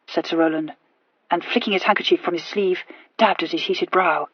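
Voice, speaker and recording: A woman narrating an audiobook in even, measured storytelling. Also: lowish voice, breathy edge, dry recording. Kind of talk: scripted narration. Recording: dull lo-fi dry recording.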